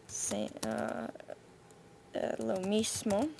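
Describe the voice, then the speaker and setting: A woman Spanish teacher, recording patient spoken feedback on a student's essay, thinking aloud with frequent pauses and fillers. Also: mid-range voice, lively intonation, vocal fry, background noise. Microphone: computer mic for screen recording.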